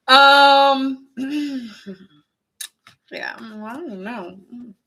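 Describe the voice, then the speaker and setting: A woman's voice: high-pitched, takes it slowly, long pauses, a little hiss or hum. A woman giving a casual, chatty tarot reading to camera, laughing often and filling her talk with "like". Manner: playful, animated asides to the viewer. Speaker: tarot reader.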